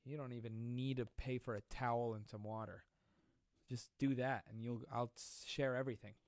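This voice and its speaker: A man's voice: mid-range voice, fairly even intonation, moderate pace, no echo. A man hosting a casual comedic live stream from home, joking and self-mocking as he rambles between stories and reading comments. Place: at home during quarantine. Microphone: close desk mic.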